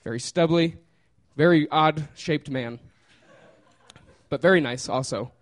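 A man's voice: on the high side, unhurried. A man casually telling a personal story, laughing often and trailing off with fillers.

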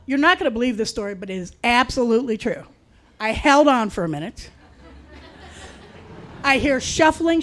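A woman telling a personal story in a casual, wry way, with deadpan asides. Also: on the high side.

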